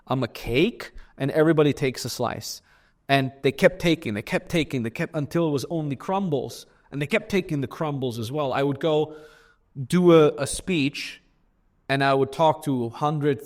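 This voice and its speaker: A man's voice: mid-range voice, a little mellow. A man speaking as a guest on a podcast. He tells stories candidly in a blunt, profane way and often repeats words as he goes. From Austria. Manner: blunt and profane, with frequent repetitions. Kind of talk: candid storytelling in podcast conversation.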